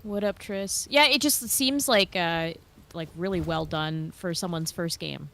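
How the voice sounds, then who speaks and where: A woman's voice: on the low side, unhurried, bright, forceful tone, a little hiss or hum. A woman co-hosting a game stream, chatting casually with the player and reading viewer comments aloud. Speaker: co-host reading chat. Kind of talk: casual chat.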